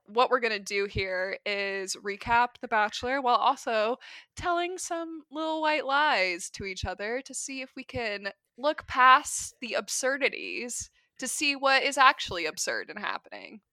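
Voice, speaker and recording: A young woman co-hosting a podcast in casual chat, chatty and full of fillers and quick reactions. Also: a little high, sing-song, bright, forceful tone, no room sound. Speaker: podcast co-host.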